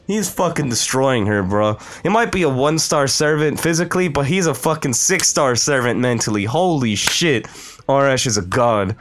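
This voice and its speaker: A man's voice: mid-range voice, animated, moderate pace. A young man playing a game on stream, joking in crude, playful banter. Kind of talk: let's play commentary. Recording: faint game music behind.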